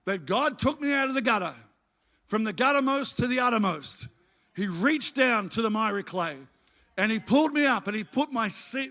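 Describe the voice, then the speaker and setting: A man's voice: very high voice, bright, forceful tone. A middle-aged man preaching a sermon, emphatic and repeating his phrases as he tells his own story. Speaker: pastor.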